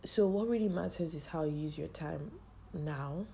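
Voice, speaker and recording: A young woman hosting a podcast, telling a personal story in a halting, tearful way with a strained, choked-up voice. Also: low-pitched, vocal fry, warm tone, slight background noise. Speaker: podcast host. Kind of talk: personal monologue.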